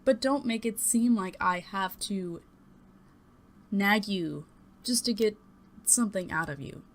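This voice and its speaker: A woman's voice: mid-range voice, a little slow. A young woman talking to her webcam at home, telling a personal story in a rambling, hesitant way, blunt and swearing at times. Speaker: vlogger. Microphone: desktop USB mic and webcam.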